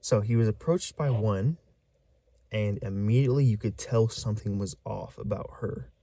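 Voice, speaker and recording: Male vlogger, low and mellow voice, rambling halting storyteller who keeps searching for the right words. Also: dry recording. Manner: rambling, halting, lots of fillers. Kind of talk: casual storytelling vlog.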